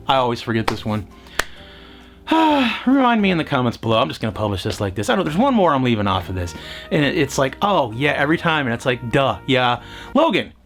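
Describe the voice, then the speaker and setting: A man's voice: medium pitch, wildly swooping pitch, fairly quick, pauses often, a bit bright, soft background music. A man reviewing a film in casual talk, rambling and sarcastic, with exasperated asides and a little swearing. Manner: profane, mocking quoted voices. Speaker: movie reviewer.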